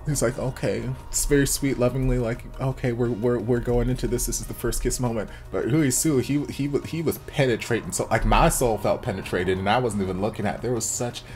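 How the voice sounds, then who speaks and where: A man's voice: medium pitch, fairly quick, few pauses, darkish tone, soft background music. A man hosting a drama reaction channel, chatting casually and gushing through an episode recap while acting out the characters' lines.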